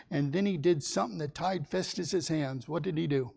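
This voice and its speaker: Gravelly man teaching a Bible class. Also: on the high side, a little fast, a little mellow. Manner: folksy, asks the class questions.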